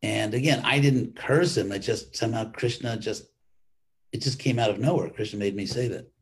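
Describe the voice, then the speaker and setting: A man's voice: fairly low pitch, moderate pace, breathy edge. An older man, a monk, giving an informal weekly class in a rambling, conversational way with frequent restarts.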